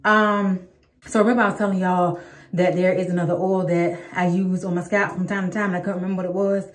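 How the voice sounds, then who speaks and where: Woman, 30s, home hair-care vlogger; lower voice, casual and chatty with viewers, echoey room. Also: flat delivery, fast talker. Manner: chatty, addresses viewers as y'all, many ums. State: out of breath. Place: home, indoors.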